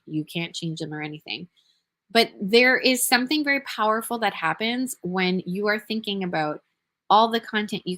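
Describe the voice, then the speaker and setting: A woman business coach giving an earnest, emphatic motivational talk, sounding tired and talking quickly. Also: on the low side, a bit bright. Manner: earnest, emphatic, talks fast.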